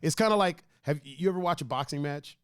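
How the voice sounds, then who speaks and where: A man's voice: on the high side, fast, clean tone, no echo, studio quality. A man hosting a podcast in casual chat, teasing and playful with his guest and laughing often. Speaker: podcast host.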